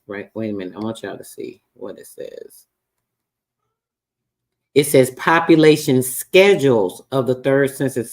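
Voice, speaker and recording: Casual man hosting a frustrated livestream. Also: medium pitch. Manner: frustrated, swearing, reading records aloud. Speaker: livestream host.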